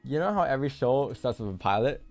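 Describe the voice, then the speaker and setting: Guy telling a story all excited, voice jumping all over, bit of music in back. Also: medium pitch, fast talker. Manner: animated storytelling. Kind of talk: casual chat.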